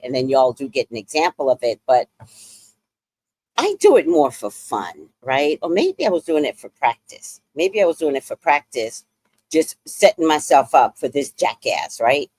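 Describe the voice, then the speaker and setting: A woman with a low voice tells her story on a livestream, her pitch swinging widely from phrase to phrase. She talks bluntly and curses freely in a dry, close-sounding recording. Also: no room sound. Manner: blunt, animated, profane. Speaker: livestream host.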